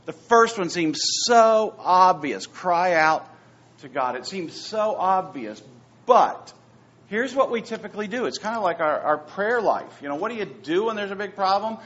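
A pastor preaching a sermon, swinging between hushed, near-whispered phrases and loud, emphatic repetitions. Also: male voice, sits high, lively intonation, moderate pace. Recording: dull lo-fi sound with faint ambience.

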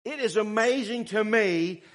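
A man preaching a sermon, fervent and swinging between shouted warnings and quiet asides. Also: high-pitched, a little slow. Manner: fervent, rising to shouts, then quiet and sarcastic.

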